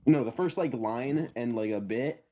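A man's voice: mid-range voice, normal speed, dark tone. A man co-hosting a podcast over an online group call, rambling and joking sarcastically in casual chat. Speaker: podcast co-host. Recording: dull lo-fi mic.

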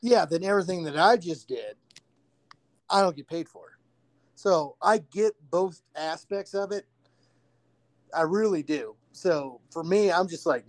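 A man's voice: fairly high pitch, unhurried, pauses often, dry recording. A man co-hosting a podcast in casual chat, telling stories with acted-out quotes and plenty of swearing. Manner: animated, profane storytelling with acted-out quotes. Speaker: podcast co-host.

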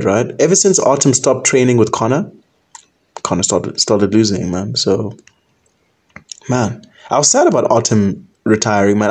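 A man's voice: mid-range voice, a little mellow, breathy edge. A young man hosting a combat sports talk show alone, chatting casually and rambling, often tacking "man" and "right?" onto his sentences. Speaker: combat sports podcast host. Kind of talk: casual solo commentary.

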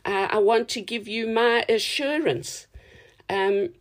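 A woman's voice: on the high side, slow. A woman preaching a sermon in an earnest, reflective teaching tone.

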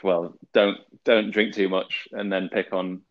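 A man's voice: low-pitched, level tone, unhurried. A man as a guest in a casual chat, telling a story hesitantly with many restarts and repeated words. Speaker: podcast guest. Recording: dull lo-fi recording.

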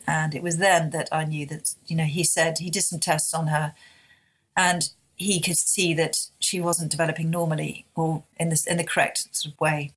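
A woman in her fifties, a guest speaking candidly and heartfelt in an interview, often halting and restarting. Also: sits low, a bit bright.

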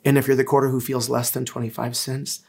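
A man's voice: mid-range voice, little pitch movement, quick pace, vocal fry, husky. A middle-aged man, a pastor, preaching a sermon in an earnest, conversational way, with frequent hesitations. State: tearful, emotional.

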